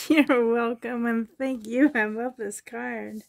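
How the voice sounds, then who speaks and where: A woman unboxing a parcel in her bedroom, breaking into excited exclamations and soft whispers. Her voice sits high but has a husky, gravelly grain. She talks at an unhurried pace. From Canada. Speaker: doll collector vlogger. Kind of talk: unboxing vlog. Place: bedroom at home.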